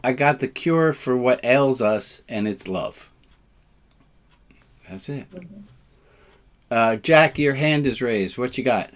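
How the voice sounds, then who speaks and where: A man leading a relaxed, informal service, joking and self-deprecating, with sarcastic asides. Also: mid-range voice, takes it slowly, long pauses.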